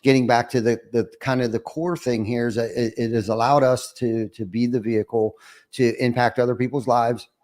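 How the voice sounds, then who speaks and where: In this casual interview chat, the male podcast host talks briskly with a level, mid-range, somewhat mellow voice. His manner is reflective, marked by frequent restarts and fillers.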